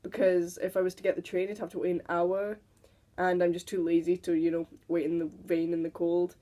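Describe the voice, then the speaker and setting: This teen vlogger speaks a little fast in a fairly low, dark-toned voice with flat delivery. Chatty and giggly, she tells stories to camera and sometimes imitates people in quoted voices.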